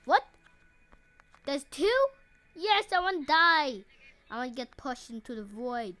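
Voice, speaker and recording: A woman commenting excitedly over her own gameplay, yelping and joking as she plays. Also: high-pitched, a little slow, dry recording. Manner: excitable, yelps and screams often; playful, jokey asides. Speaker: gaming video host. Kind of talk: let's-play commentary.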